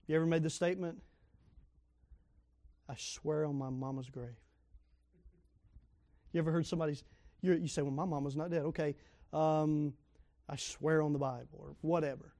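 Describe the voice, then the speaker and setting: A man with a high voice preaches a sermon, reading scripture aloud and putting questions to the congregation. He pushes into sudden loud emphasis, and the sound is dry and close. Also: steady tone, fast talker, no echo. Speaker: pastor.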